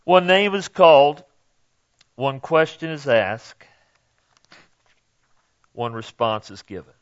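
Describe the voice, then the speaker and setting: A man preaching a sermon in a conversational way, often checking in with "okay?", rising on his key questions and dropping low for asides. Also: expressive, slow pace, dull audio. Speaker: pastor.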